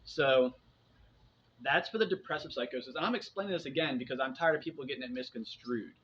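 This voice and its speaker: A man's voice: mid-range voice, fairly quick, a bit bright. A man in his forties talking in a casual, rambling monologue to his viewers, often restarting his sentences and dropping in fillers. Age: 40s. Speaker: vlogger sharing personal experience. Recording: dull lo-fi sound with faint background noise.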